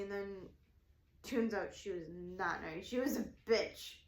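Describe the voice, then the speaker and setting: A woman's voice: a little high, normal speed, reverberant, a little hiss or hum. A woman telling a story in a casual, rambling way, full of "like" and acted-out quotes. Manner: animated, rambling, heavy use of "like". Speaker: craft shop vlogger.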